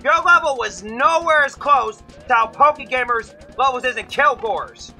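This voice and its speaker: High, bright-voiced man raging at a game. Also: normal speed, soft background music. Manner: loud, ranting, yelling at the game. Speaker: streamer playing a platform game. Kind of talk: rage gameplay commentary.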